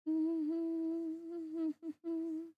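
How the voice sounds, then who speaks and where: A woman's voice: very high voice, monotone, drawn-out words, phone-quality sound. A young woman streaming live, chatting casually as she works and playfully scolding her cat. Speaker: VTuber streamer. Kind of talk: casual livestream chat.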